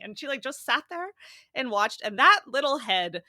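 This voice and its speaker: A woman guest tells her story in a casual, animated interview. She laughs often as she talks. Her voice is bright and crisp, recorded close on a dry mic. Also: high-pitched, fairly quick, no echo. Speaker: podcast guest.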